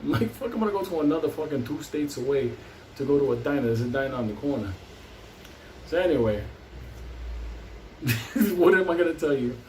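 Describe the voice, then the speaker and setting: A man's voice: mid-range voice, darkish tone, slight background noise. Guy rambling through a wild story, swears nonstop, echoey room, mic kinda far. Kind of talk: profane comic storytelling. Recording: roomy, distant mic.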